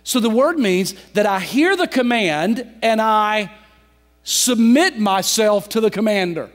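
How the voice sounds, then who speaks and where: High-pitched male pastor preaching, big church reverb, gets loud then goes real soft and slow. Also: lively intonation. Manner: dramatic, swings between loud emphasis and soft drawn-out phrases. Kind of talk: sermon. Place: church sanctuary.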